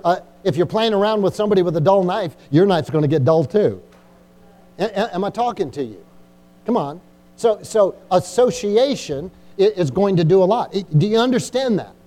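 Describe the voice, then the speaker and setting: A middle-aged man with a high voice preaches to his church congregation. His tone is mellow and dark rather than bright. He exhorts, repeats key lines and keeps checking in with calls for agreement. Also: animated, moderate pace. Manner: repetitive, exhorting, frequent "Amen?" and "Come on". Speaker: pastor. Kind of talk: sermon.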